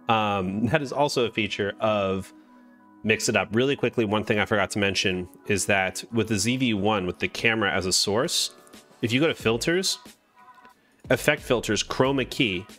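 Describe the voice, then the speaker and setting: A man's voice: medium pitch, a bit bright. A man casually explaining his streaming setup, rambling, greeting chat mid-sentence and correcting himself. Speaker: Twitch streamer. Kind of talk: live-streamed software tutorial.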